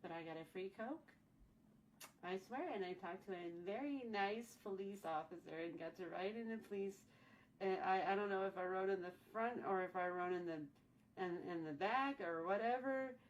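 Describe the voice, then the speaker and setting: A woman's voice: mid-range voice, normal speed, dull audio. A woman in her forties tells a childhood story in a casual vlog, rambling and repeating her phrases as she goes. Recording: distant mic, faint background noise.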